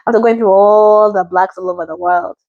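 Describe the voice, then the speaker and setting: A chatty woman from Africa rambles through her thoughts on a dating show, slipping into imitations of the people she describes. Her voice sits at an ordinary middle pitch. It is recorded dry and close, with no room sound around it. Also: steady tone, fairly quick, dry recording, phone-quality sound. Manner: rambling, chatty, often mimics what others said. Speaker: reality show reactor. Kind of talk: casual chat.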